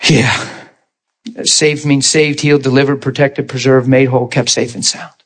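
A man preaching a sermon, telling stories in an animated way and jumping up in pitch when he acts them out. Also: normal speed. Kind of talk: storytelling sermon.

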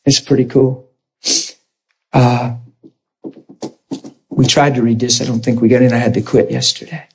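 A man's voice: mid-range voice, flat delivery, normal speed, pauses often, darkish tone, a little hiss or hum. A man preaching a conversational sermon in an informal, plain-spoken way, often checking in with his listeners.

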